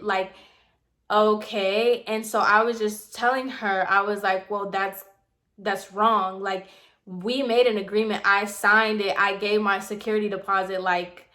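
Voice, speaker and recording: Young woman, vlogger, casual storytime, bright tense tone, animated and heated, quotes dialogue. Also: mid-range voice, unhurried.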